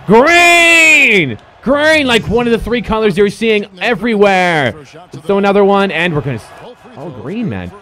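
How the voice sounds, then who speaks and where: A young man streaming a basketball video game, giving excitable, profane commentary and shouting at his players. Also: sits high, normal speed. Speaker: gaming streamer.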